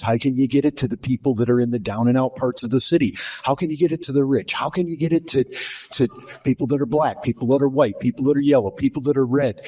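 A man speaks at a middle pitch with a husky edge. He exhorts the listeners urgently, repeating himself in emphatic lists. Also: a little mellow, poor audio. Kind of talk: exhortation in a panel talk.

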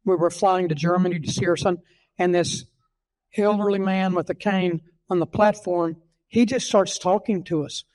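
A man's voice: high-pitched, fairly even intonation, moderate pace, darkish tone, rough recording. An older man from Texas with a Texan accent, a pastor telling stories in a folksy, earnest sermon style, acting out the dialogue.

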